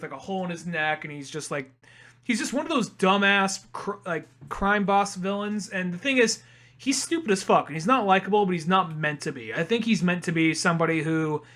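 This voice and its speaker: Podcast co-host, young man, high and bright voice, animated movie recap with acted-out quotes. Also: normal speed. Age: young adult. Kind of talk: casual film discussion.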